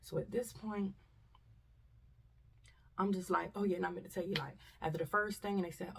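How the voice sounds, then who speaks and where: A woman's voice: fairly low pitch, fairly even intonation, normal speed, creaky, long pauses, fairly bright tone, recorded from a distance, slight background noise. A woman vlogger, telling a story casually and animatedly, acting out voices and dropping to whispers.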